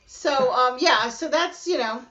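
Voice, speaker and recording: Animated woman telling a story. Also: high-pitched, measured pace. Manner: animated, acts out quotes in shifting voices. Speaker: podcast host. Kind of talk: casual storytelling chat. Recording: dull lo-fi sound.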